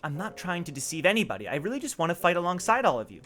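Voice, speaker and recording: A man voicing a secretive, earnest teenage girl student, reading game dialogue aloud in a soft, apologetic way. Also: sits high, sing-song, very fast.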